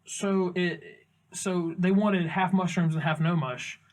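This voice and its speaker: A man's voice: high-pitched, fairly even intonation, slow, a little mellow. A young man, casually telling a rambling, profane restaurant story as a comedy podcast co-host. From Augusta, Georgia, US. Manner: rambling storyteller, swears freely, acts out quotes.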